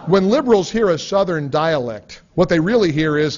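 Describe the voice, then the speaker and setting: A man's voice: on the high side, expressive, normal speed, a little mellow. A man reading a nonfiction book aloud in a sarcastic, mocking manner. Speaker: audiobook reader. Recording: dull lo-fi recording.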